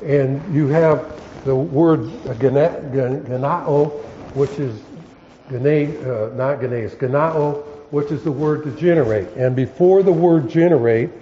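A pastor teaches his congregation a Bible lesson, going through it word by word in a halting way and frequently stopping to correct himself. His voice is medium-pitched and dark in tone. The sound is lo-fi with slight background noise.

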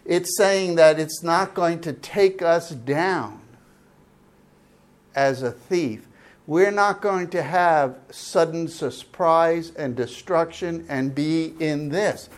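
A man preaching a sermon, asking the congregation questions and explaining Greek words with slow, drawn-out emphasis. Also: fairly high pitch. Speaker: pastor. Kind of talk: sermon Bible teaching.

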